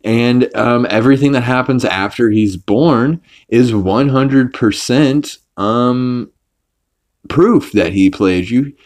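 A man's voice: medium pitch, takes it slowly, darkish tone. A young man hosting a podcast, casually recapping a cartoon episode in a rambling, profane way with many restarts and fillers. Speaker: podcast host.

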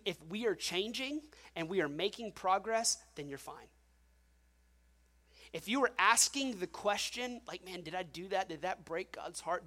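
A male pastor delivers a sermon in a church sanctuary. He preaches in an animated, storytelling way, often turning to the congregation with questions. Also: high-pitched.

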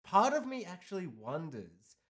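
This man talks in a relaxed, chatty way with lots of laughter and the odd swear word. His pitch swings widely and sits a little high for a man. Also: unhurried. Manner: animated, laughing often, casual swearing. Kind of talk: casual chat.

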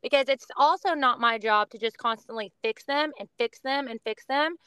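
A woman's voice: fairly high pitch, normal speed, sharp tone, clear, resonant tone, dry recording. A woman in her thirties, a podcast guest, talking earnestly and reflectively about faith and parenting in long, flowing runs. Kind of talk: casual faith-based conversation.

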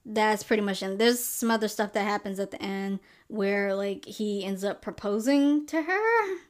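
A young woman hosting a podcast, casually recapping and reviewing a novel with sassy asides and quick acted-out quotes. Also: mid-range voice, animated. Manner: chatty, sassy asides, acts out characters' lines. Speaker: podcast host. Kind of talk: casual book review chat.

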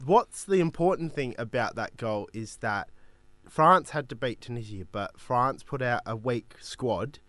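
A man's voice: medium pitch, expressive, a bit bright, no echo. A man hosting breakfast radio in upbeat, casual banter. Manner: upbeat, quick-talking presenter.

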